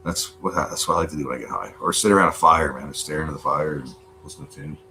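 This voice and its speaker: Man, very low voice, laid-back rambling livestream chat, lots of cursing, faint hum behind. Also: quick pace. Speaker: livestream host. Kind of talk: casual chat. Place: home.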